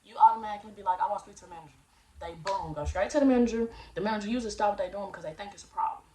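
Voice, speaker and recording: A woman's voice: medium pitch, very fast, warm tone, recorded from a distance, slight background noise. A young woman giving casual, slangy job-search advice in a chatty way, acting out phone calls as she goes.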